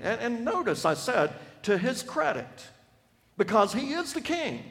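A man preaching a sermon on a Bible passage, emphatic, dropping from loud to hushed for effect. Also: on the high side. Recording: long reverb of a large hall.

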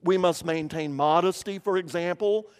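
A man's voice: high-pitched, moderate pace, clean tone, long reverb tail. An older man from eastern Kentucky preaching a sermon, explaining scripture earnestly and often repeating words as he restarts.

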